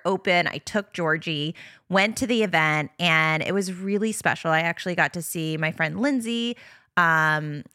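A woman's voice: fairly low pitch, pushed and bright, no echo, clean studio sound. A woman hosting a podcast in casual chat, talking in a chatty, rambling way and laughing often. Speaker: podcast host.

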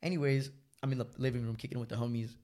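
A young man casually telling a long, profane story, rambling and animated. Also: mid-range voice, very fast.

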